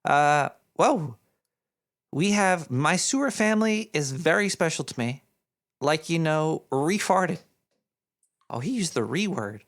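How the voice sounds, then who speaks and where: A man doing a gravelly paranoid cartoon rat host. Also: fairly high pitch, animated, slow pace, long pauses, a bit bright, heavily acted. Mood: rambling. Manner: rambling, scatterbrained, jokey asides. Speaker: host reading donations. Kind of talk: rambling live-stream chat.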